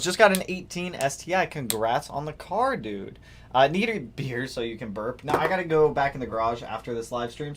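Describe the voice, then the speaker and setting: A young man hosting a casual live stream, greeting viewers by name and reading out their comments in a relaxed way. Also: on the high side. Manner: laid-back, greets chat by name, reads comments aloud. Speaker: livestream host. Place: garage workshop, indoors.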